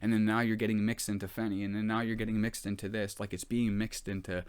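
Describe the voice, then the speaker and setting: A man's voice: lowish voice, level tone, fast, darkish tone, clear, resonant tone. A man talking bluntly and candidly in a rambling monologue, full of fillers, restarts and swearing. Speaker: vlogger.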